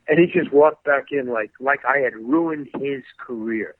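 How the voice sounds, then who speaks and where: In a podcast interview, an older actor rambles animatedly through his stories and acts out the people in them. He speaks in a mid-range voice at normal speed, barely pausing, on a dry, tinny, phone-like line with slight background noise.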